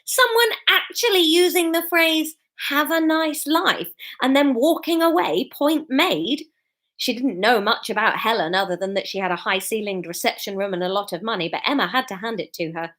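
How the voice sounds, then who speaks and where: A woman reads her serialized story aloud in a casual, lively way. Her voice sits a little high, and she is quick to swear and joke between passages. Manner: chatty, swears, breaks off to laugh and joke. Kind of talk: casual serialized story reading with jokey asides.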